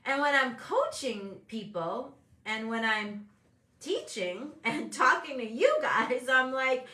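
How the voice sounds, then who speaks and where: Animated woman coach, bright echoey voice. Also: high voice, takes it slowly. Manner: candid, animated, acts out quoted voices. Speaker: host and business coach. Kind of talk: casual motivational talk.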